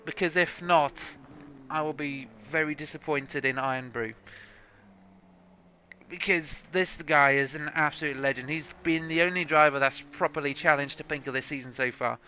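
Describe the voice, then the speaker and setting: Young South African man calling a sim race, chatty and joking, slightly high, bright and forceful tone. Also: moderate pace, a little hiss or hum. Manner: chatty, joking, self-deprecating, laughs often. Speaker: race commentator. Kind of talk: live sim racing commentary.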